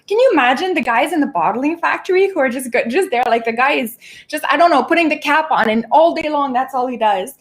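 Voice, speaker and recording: A woman hosting a casual livestream from her home, talking in an animated, exasperated way, often laughing and stopping to catch her breath. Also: high-pitched, fairly quick. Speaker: show host.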